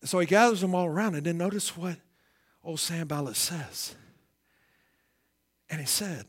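A male pastor preaching a sermon in a folksy way, asking the congregation questions and swinging from hushed whispers to loud emphasis. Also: on the high side, expressive, moderate pace, pauses often, husky.

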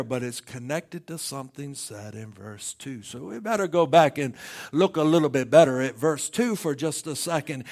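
A man preaching a sermon as pastor, swinging from loud emphatic lines to hushed ones. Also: fairly high pitch.

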